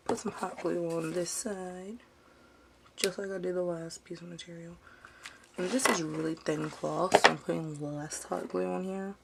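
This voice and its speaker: A woman's voice: on the low side, gravelly, noisy background. A young woman with a Baltimore accent and a Southern drawl, chatting through a craft tutorial at home and getting sidetracked. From United States. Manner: chatty, easily sidetracked, uses "y'all". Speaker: DIY vlogger.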